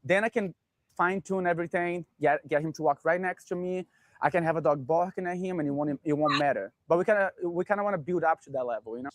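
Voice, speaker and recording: A man working as a dog trainer, calmly explaining his method and giving short commands to a dog. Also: fairly high pitch, quick pace. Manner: calm, instructive, gives short commands to a dog.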